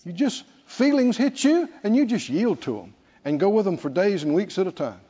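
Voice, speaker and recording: A man preaching a sermon, lively and playful, acting out scripture scenes with laughter. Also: high-pitched, moderate pace, husky. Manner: animated, acts out Bible figures with laughter. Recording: lo-fi recording in a reverberant hall.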